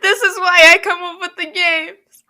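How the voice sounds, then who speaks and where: A woman's voice: very high voice, fairly even intonation, normal speed, bright, forceful tone. A woman co-hosting a casual podcast, guessing hesitantly and playfully. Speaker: podcast co-host. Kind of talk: casual chat.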